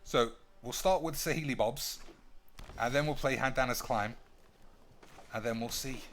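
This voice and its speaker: A man's voice: medium pitch, normal speed, slight background noise. A man streaming a card game, thinking aloud with crude, joking banter. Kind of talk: casual gameplay commentary.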